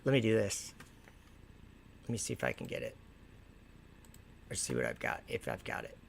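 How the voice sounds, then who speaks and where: A man's voice: low voice, big pitch swings, moderate pace, gravelly, a little hiss or hum. A man hosting a casual livestream, reading viewer comments aloud and mocking and lecturing the people who wrote them. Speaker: livestream host.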